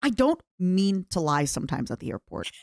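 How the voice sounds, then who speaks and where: A woman guest on a podcast, chatting casually in a bubbly, expressive way and mimicking other people as she talks. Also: fairly low pitch, normal speed, vocal fry, dry recording, studio quality. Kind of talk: casual chat.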